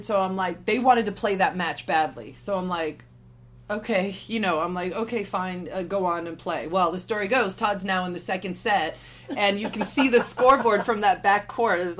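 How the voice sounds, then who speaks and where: A woman's voice: medium pitch, normal speed. A woman in her forties, a podcast guest, telling a story in a casual way and acting out what others said. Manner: animated, acts out quotes of others.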